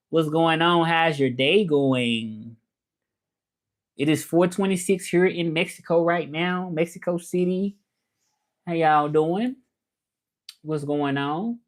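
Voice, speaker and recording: A man's voice: a little high, slow, long pauses. A man chatting casually on a live stream, rambling along, greeting viewers by name and trying out French phrases. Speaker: livestreamer.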